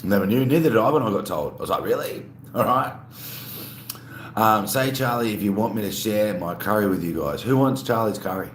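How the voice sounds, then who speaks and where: A man's voice: fairly low pitch, expressive, a little fast. Laid-back Australian man, roomy echo. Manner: laid-back, rambling, answers chat messages aloud. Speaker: livestream host. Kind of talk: casual live chat, greeting viewers while eating. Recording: roomy echo with faint background hum.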